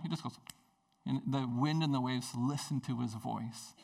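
A man's voice: medium pitch, quick pace, gravelly, distant mic. A man, a pastor, preaching a sermon at a church service in a conversational, storytelling way.

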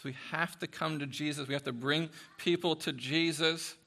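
Guy preaching in church, gravelly raspy edge, goes quiet then loud, kinda high voice. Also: normal speed. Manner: animated and conversational, swings from soft to loud. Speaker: pastor. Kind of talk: sermon.

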